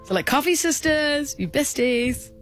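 A woman's voice: high voice, animated, a little slow, faint music behind. A woman hosting a radio show, bantering and quizzing her co-host with a giggly, teasing manner.

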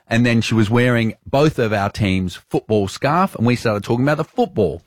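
A man hosting a radio show, telling a story in casual chat and acting out the quotes loudly. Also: medium pitch, fast talker, few pauses, no echo, studio quality. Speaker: radio host. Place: radio studio.

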